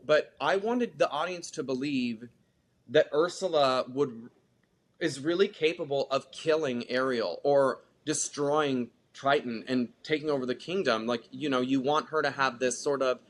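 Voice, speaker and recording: A theater actor, a guest in a casual interview, chats in a mid-range voice, animated and talkative and leaning heavily on the filler "like."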